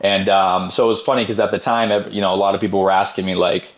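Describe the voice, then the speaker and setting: A man's voice: sits low, steady tone, fast. A man in his twenties, a podcast guest, telling his story in casual chat, upbeat and repeating words for emphasis. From Brazilian heritage. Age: 20s.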